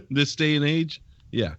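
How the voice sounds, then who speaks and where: A man's voice: on the high side, fairly bright tone, no echo. A man calling into a live show, chatting casually with easygoing, chuckling asides over lo-fi call audio. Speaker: regular guest on a call. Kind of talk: casual chat.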